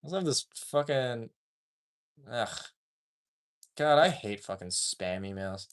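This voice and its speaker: A man's voice: medium pitch, measured pace, clear, resonant tone. A man chatting casually with his live-stream audience, joking and swearing often. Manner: profane, animated, joking.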